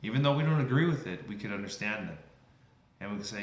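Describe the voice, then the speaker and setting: A man's voice: fairly low pitch, animated, quick pace. A man giving a casual, earnest motivational talk in a conversational way, often circling back with the same phrases. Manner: conversational, earnest, repeats "you know what". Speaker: motivational speaker. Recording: roomy echo.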